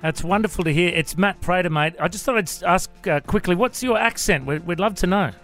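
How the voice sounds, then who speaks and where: A man's voice: sits high, a little fast, a bit bright, faint music behind. A man co-hosting a radio interview in a playful, joking, upbeat way. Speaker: radio host.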